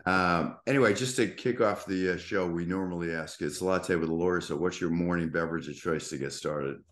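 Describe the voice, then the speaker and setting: A man from Boston with a softened Boston accent, hosting a casual interview and chatting loosely with lots of fillers. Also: deep voice, a little fast. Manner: chatty, filler-heavy, rambling. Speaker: podcast host. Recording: echoey room.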